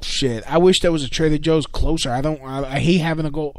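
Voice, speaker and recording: A man's voice: a little high, fairly even intonation, brisk, a little mellow, no room sound. A man hosting a casual online radio show, ranting with a lot of swearing, stumbles and filler words. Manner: profane, rambling, many fillers and restarts. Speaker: podcast host. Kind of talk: casual comedic rant.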